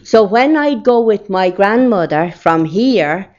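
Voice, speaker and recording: An older woman with an Irish accent recalls family stories in an interview, wandering from anecdote to anecdote. Her medium-pitched voice has a darkish tone and lively intonation, though she speaks slowly. The oral history recording is dull and lo-fi.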